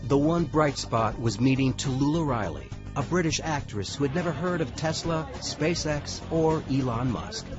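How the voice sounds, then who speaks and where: A man reading scripted documentary narration in a measured, dramatic way. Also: mid-range voice. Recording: dull lo-fi audio over music.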